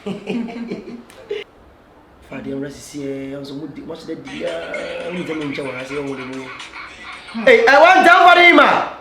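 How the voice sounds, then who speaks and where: Loud comic in an echoey room. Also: male voice, fairly high pitch, very animated, moderate pace, creaky, a little hiss or hum. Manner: loud, laughing, mixes English, pidgin and Twi. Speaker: comedian. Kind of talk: comedy skit.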